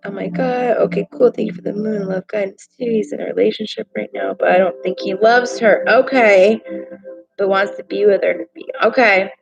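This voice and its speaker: A woman reading tarot cards on a casual live stream, talking straight into her laptop microphone. She chats freely and gets emotional as she reacts to comments from viewers. Faint music plays quietly behind her. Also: mid-range voice, fairly even intonation, moderate pace, gravelly, dull audio. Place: home desk at a laptop.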